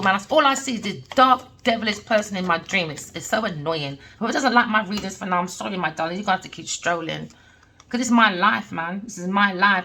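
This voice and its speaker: A woman's voice: medium pitch, fairly bright tone. A middle-aged woman, a tarot reader delivering a heated, blunt personal rant with swearing. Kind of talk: ranting personal monologue.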